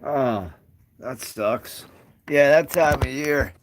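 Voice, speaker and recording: Guy chatting slow on a phone livestream at home, drifty and rambly, a bit of background hiss. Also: mid-range voice. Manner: slow, rambling, greets viewers. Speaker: livestream host. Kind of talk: casual live-stream chat.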